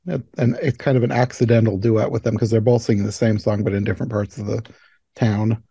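A man's voice: lowish voice, steady tone, fast talker, creaky, dark tone, breathy edge, no room sound. A man hosting a podcast, chatting casually about a movie with many fillers and frequent laughs. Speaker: podcast host. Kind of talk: casual chat.

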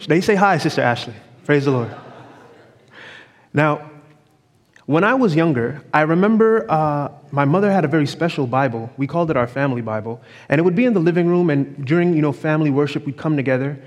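A somewhat high-pitched man preaching with fervent conviction, his voice swelling and then dropping to a hush. The sound carries the long reverb of a church sanctuary, giving every pause a lingering tail. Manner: fervent, sweeping rises and drops in loudness. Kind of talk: evening sermon.

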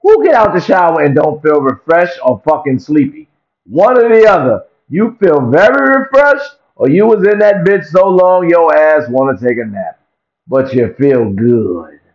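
A man delivers a profane, comic vlog rant, circling back on the same lines for effect. His pitch swings widely as he talks. The recording sounds dull and lo-fi. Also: a little slow. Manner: profane, animated, repetitive rant. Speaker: vlogger. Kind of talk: comedic rant to camera.

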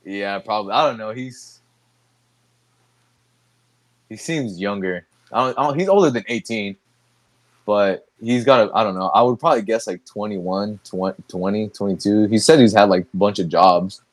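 This young man has a lowish voice at normal speed, captured dry. Hosting a podcast, he chats casually, rambling, starting over mid-thought and laughing often.

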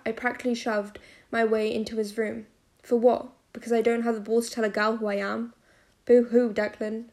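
A woman narrating a first-person novel as an audiobook, in a steady storytelling manner. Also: on the high side.

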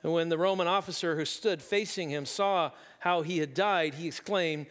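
A man preaching a sermon, telling a story and reading scripture slowly and deliberately. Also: a little high, fairly bright tone. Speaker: pastor. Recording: long reverb of a large room.

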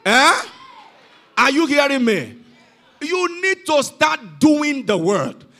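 High, lively-voiced male preacher. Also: slow. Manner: emphatic, repeats "you are not hearing me". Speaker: pastor. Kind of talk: sermon. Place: church hall.

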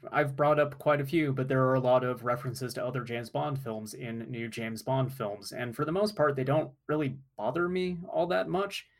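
Chatty man discussing films. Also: medium pitch. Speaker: podcast co-host. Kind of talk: casual movie discussion.

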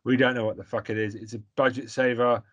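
A man's voice: medium pitch, little pitch movement, fast talker, dull audio. Blunt, swearing man chatting. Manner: blunt, swears freely, rambling opinions. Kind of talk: casual chat.

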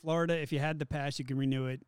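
A man's voice: fairly high pitch, steady tone, very fast, smooth, no echo. Upbeat joking male host, dry mic. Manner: upbeat, joking, runs the segments. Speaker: podcast host. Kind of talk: casual chat.

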